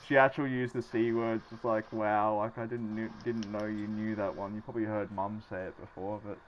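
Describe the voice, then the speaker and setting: A man's voice: lowish voice, little pitch movement, fairly quick, dull audio, background noise. A man with an Australian accent chatting casually on a livestream, rambling, swearing freely and laughing often. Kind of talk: casual chat.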